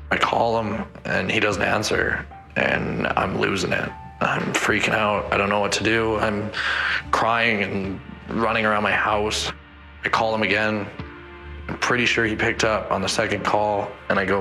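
Bright-voiced young man recounting tragedy. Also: fairly low pitch, steady tone, normal speed, vocal fry, faint music behind. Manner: retells events by acting out quoted dialogue. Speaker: interviewee, son of victims. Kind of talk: emotional first-person recounting.

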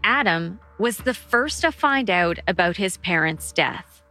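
A woman giving calm, scripted narration for a news documentary. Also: medium pitch, a little slow, soft background music.

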